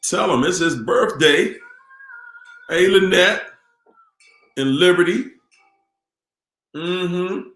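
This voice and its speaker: A tired middle-aged man hosts a casual live stream, laid-back as he greets chat viewers by name. His voice sits high and a bit bright, extremely slow with frequent pauses, in a roomy echo with faint music.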